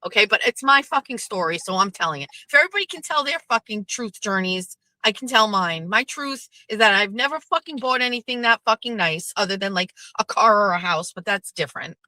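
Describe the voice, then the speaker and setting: A bright, forceful woman spins a rambling personal story, swearing freely and acting out both sides of every exchange. Her voice sits close and dry, with no room around it. She sounds like a host in her thirties chatting straight to her listeners. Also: medium pitch, lively intonation, no room sound, poor audio. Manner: chatty and profane, quoting others in quick back-and-forth. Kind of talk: casual storytelling monologue.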